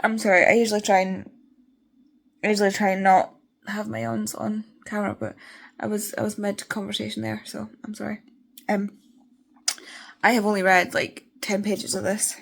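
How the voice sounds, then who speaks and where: A tired young woman talks to the camera in a loose, rambling way, her nose sniffly as she chats. Her pitch sits in an ordinary middle range. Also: steady tone, moderate pace, gravelly, long pauses. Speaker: book vlogger. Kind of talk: casual reading vlog.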